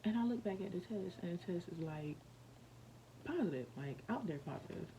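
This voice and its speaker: A woman's voice: lowish voice, animated, fairly quick, mellow, slight background noise, rough recording. A young woman vlogger telling a personal story in a rambling, casual way, full of fillers and restarts.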